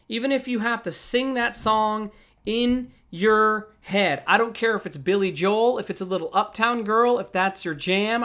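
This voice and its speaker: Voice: medium pitch, fairly bright tone. A voice in a mid-range register, delivering a motivational talk on handling anger. The speaker talks straight to the listeners and repeats key phrases to drive them home. The tone stays conversational and encouraging.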